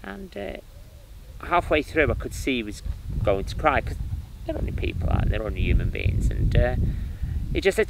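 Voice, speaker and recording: A man who works as a spiritual medium, telling his life story in an interview with lively starts and restarts. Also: medium pitch, normal speed, creaky, long pauses, background noise. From United Kingdom. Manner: animated storytelling with many restarts and fillers.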